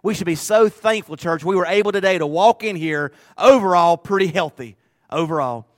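A man's voice: high voice, moderate pace, dry recording, clean studio sound. A male pastor preaching a sermon in a conversational, emphatic way, often repeating phrases.

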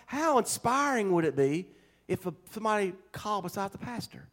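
A man with a high, light voice preaches to his congregation in a relaxed, homespun way. He jokes and drifts into chatty asides as he talks. It sounds like a pastor at a Sunday service. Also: brisk. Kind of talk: folksy conversational sermon. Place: church service.

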